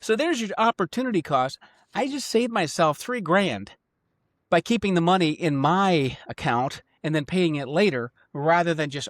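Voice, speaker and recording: A man who works as a life insurance agent, co-hosting a casual podcast conversation and making his points emphatically, his voice jumping up in pitch. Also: animated, moderate pace, no room sound, clean studio sound. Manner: emphatic, with sudden rises in pitch.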